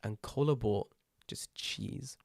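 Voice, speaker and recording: A young man, co-hosting a casual podcast, telling animated stories and swearing freely. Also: medium pitch, slow pace, gravelly, dry recording. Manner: lively storyteller, swears freely, impersonates friends. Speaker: podcast co-host.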